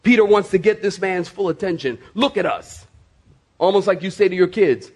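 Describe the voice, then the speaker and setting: High-voiced preaching man, dramatic swings. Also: animated, moderate pace. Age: middle-aged. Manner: preaching with big swings from loud to hushed, repeating phrases. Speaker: pastor. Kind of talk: sermon.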